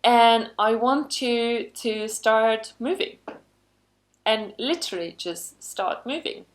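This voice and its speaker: A woman's voice: on the high side, slow. A woman trainer giving an online lesson in a chatty, conversational way, with frequent asides and upbeat emphasis. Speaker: workplace skills trainer.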